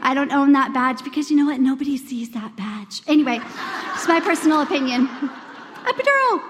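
Over a noisy background, a woman in her forties with a high voice delivers a sermon to women at a church gathering, talking a little fast. Her manner is earnest and conversational, she acts out quoted voices with big pitch leaps, and long church-hall reverb trails her speech.

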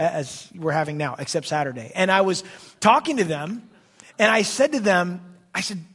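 A man, a pastor, preaching a sermon in church, emphatic, swinging between loud declarations and soft asides. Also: high voice.

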